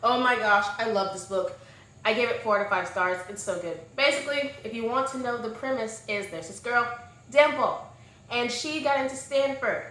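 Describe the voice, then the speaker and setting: A young woman reviewing books in a casual chat, gushing and animated, dropping to soft murmurs and rising to loud exclamations. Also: on the high side, normal speed. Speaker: book vlogger. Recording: echoey room with faint noise.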